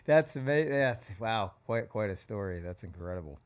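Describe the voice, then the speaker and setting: A man's voice: fairly low pitch, expressive, normal speed. A man hosting a podcast, chatting casually and answering in brief backchannels and laughs. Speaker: podcast host. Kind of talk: casual chat.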